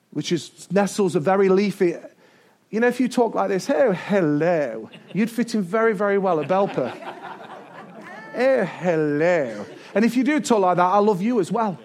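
A man preaching a sermon to his church, energetic and building to shouts, with joking asides. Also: high-pitched. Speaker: pastor. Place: church service before a congregation.

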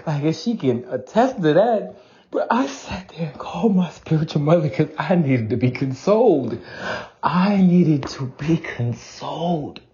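A man's voice: on the high side, lively intonation, measured pace, mellow, highs cut off. A man giving an emotional, profane confessional monologue, near tears, laughing through his distress and dropping to whispers between outbursts.

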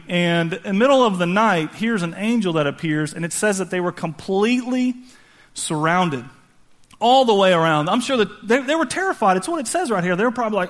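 A man's voice: sits high, lively intonation, fairly quick. A man preaching a sermon, telling the story animatedly, slipping into casual slang and acting out the voices of the people in it. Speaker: pastor.

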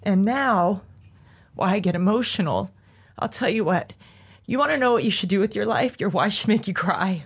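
A woman's voice: medium pitch, animated, moderate pace, breathy edge. A woman guest on a podcast, telling a personal story in a heartfelt way, at times tearful.

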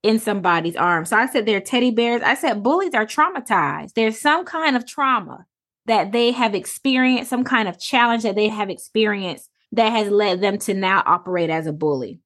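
A woman's voice: medium pitch, lively intonation, moderate pace, fairly bright tone. Reflective woman co-host, emphatic. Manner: reflective, emphatic, list-like statements. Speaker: podcast co-host. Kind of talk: casual podcast conversation.

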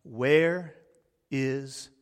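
A man preaching a sermon, swinging from hushed, drawn-out words to loud, excited bursts as he acts out the disciples' panic. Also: mid-range voice, smooth, in a large hall.

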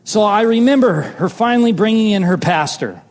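A man preaching a personal testimony with a slightly raised pitch. He swings from loud, exclaiming lines to quiet, hushed ones. His voice rings out with long reverb, as in a large hall. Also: lively intonation, moderate pace. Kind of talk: sermon testimony storytelling.

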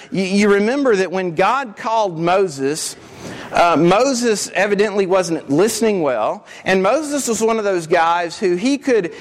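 A man with a high voice preaches a sermon from the pulpit. He talks earnestly and reads scripture aloud, often repeating a word as he restarts a thought. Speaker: pastor.

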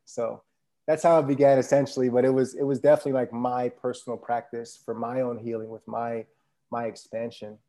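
A man's voice: medium pitch, level tone, a little fast, vocal fry, dark tone. A man chatting casually as a podcast guest, laid-back and rambling with many fillers. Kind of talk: casual conversation.

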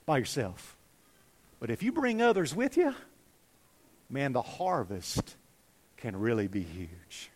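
Animated high-voiced male pastor preaching. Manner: animated, swings from loud exhortation to hushed. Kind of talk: sermon.

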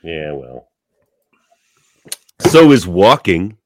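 A man's voice: low voice, very animated, drawn-out words. A man co-hosting a podcast, chatting casually and cutting in with dry, joking quips. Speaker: podcast co-host. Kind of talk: casual chat.

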